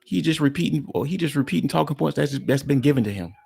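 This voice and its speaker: A man's voice: fairly high pitch, expressive, quick pace, gravelly, darkish tone, breathy edge. A man hosting a reaction commentary, talking bluntly and mockingly to his viewers. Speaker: commentary host.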